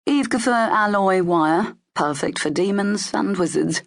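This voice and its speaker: A woman's voice: medium pitch, measured pace, natural voice. A woman doing Cale, a wry cocky rogue. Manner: sly, teasing, half-whispered asides. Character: wry male rogue bodyguard, cocky joker.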